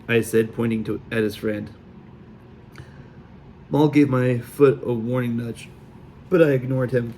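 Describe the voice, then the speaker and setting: A man narrating a novel aloud at a mid pitch, steady and unhurried. He stumbles now and then and corrects himself. A faint hiss sits under the recording. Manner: steady reading with small slips. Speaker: audiobook reader. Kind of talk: amateur audiobook narration.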